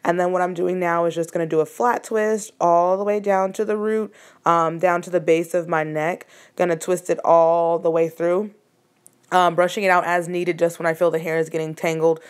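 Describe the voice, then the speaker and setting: A young woman casually narrating a hair tutorial, chatty and relaxed with frequent ums. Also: fairly low pitch, moderate pace, clean tone, no echo.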